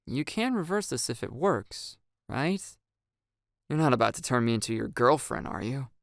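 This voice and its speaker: A man's voice: medium pitch, big pitch swings, normal speed, vocal fry, no room sound, clean studio sound. A man voicing a teenage boy who teases his friend playfully. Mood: teasing. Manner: playful, teasing.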